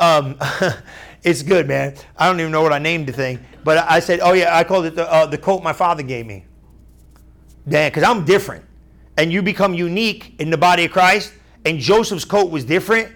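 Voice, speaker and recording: A man with a notably high voice delivers a sermon. He talks casually and with energy, repeats his points and acts out the voices of doubters. He often checks that his listeners understand. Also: brisk. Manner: animated, conversational, acts out crowd voices; repeats phrases, asks "you understand?". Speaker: preacher.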